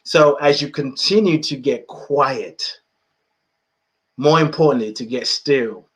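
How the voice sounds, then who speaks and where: A man from the United Kingdom hosts a podcast where he reflects on spirituality, often repeating phrases and chuckling. He speaks slowly in a medium-pitched, slightly bright voice.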